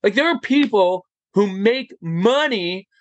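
A man talking as a podcast guest in casual chat, animated and emphatic, firing off rhetorical questions. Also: high voice, slow pace.

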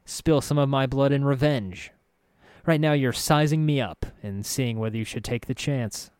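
A man's voice: medium pitch, normal speed, clean tone, no room sound, clean studio sound, voice pushed up, lightly acted. A man as a coolly polite, ruthless spellcaster. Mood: coldly menacing. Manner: calm, coolly polite menace. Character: cold, ruthless male spellcaster, calm and polite.

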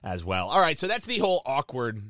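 Lively joking podcast man in his twenties. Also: medium pitch, brisk, dry recording. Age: 20s. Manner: jokey, swears, lively delivery. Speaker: podcast co-host. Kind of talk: casual podcast banter. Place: recording studio.

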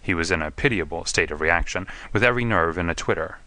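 Low-voiced man reading a story, bright tone, dry close mic. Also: quick pace, no room sound. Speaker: audiobook narrator. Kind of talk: first-person story narration.

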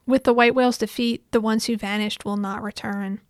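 Stern noble lady commander, formal and measured, smooth dry voice, a woman reading her lines. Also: fairly high pitch, fairly even intonation, no room sound, lightly acted.

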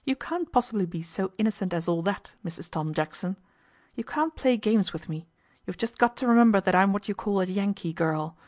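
A woman's voice: medium pitch, expressive, brisk, a little mellow, natural voice. A woman reading the part of a bold, determined young American woman who presses hard with cool, commanding questions. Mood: pressing.

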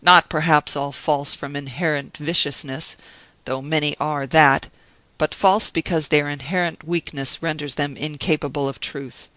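A man's voice: fairly high pitch, steady tone, unhurried, no room sound, low-quality recording. A man doing a bitter, scornful embittered man. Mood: bitter tirade. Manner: bitter, forceful, declamatory.

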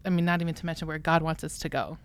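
A woman's voice: low-pitched, fairly even intonation, rapid-fire, clean tone. A woman co-hosting a church podcast, chatting casually in an upbeat way and leading the discussion.

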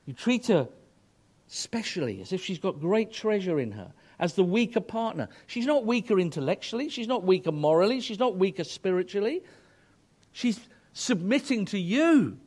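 A man's voice: high voice, very animated, normal speed, a little mellow. A middle-aged man preaching a sermon to married couples, earnest and emphatic, rising to fervent exhortation.

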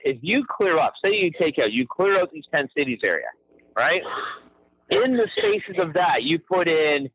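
The voice is fairly high with a breathy edge, coming through tinny, phone-like audio. He's a podcast co-host from Ontario in casual chat, laughing often, swearing freely, and telling stories animatedly.

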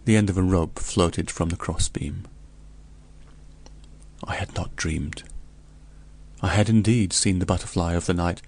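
A man reading a gothic tale aloud in the first person, in a measured, solemn way. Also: deep voice, fairly even intonation, creaky, darkish tone. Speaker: audiobook narrator.

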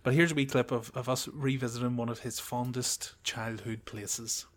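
A man's voice: mid-range voice, steady tone, moderate pace, background noise. A man hosting a podcast, introducing a clip with dry joking asides and frequent hesitant fillers. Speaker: podcast host. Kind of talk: casual podcast chat and interviewing.

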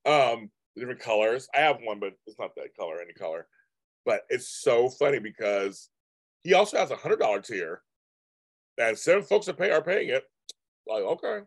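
A man's voice: mid-range voice, big pitch swings, moderate pace, no room sound. A man hosting a casual livestream, rambling and repeating himself as he chats with viewers and answers their comments. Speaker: livestream host. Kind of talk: casual live-stream chat reading viewer comments.

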